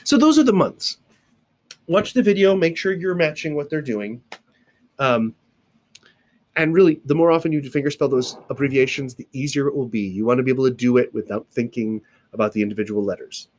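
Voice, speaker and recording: A man's voice: mid-range voice, brisk, darkish tone. Man teaching a casual video lesson. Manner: explains step by step with sound effects and asides. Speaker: sign language teacher. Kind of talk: casual recorded video lecture. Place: indoors, recording alone into a camera.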